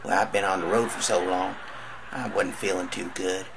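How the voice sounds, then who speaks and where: A man's voice: low-pitched, steady tone, moderate pace, creaky, noisy background. A man telling stand-up jokes in a drawling, storytelling way, acting out the voices in his stories. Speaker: stand-up comedian.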